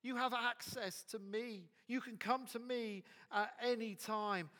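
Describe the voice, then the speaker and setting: A man's voice: very high voice, steady tone, a little slow, pushed and bright, voice pushed up, full character voice. A man voicing God, coaxing and earnest. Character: God, calling gently and persistently.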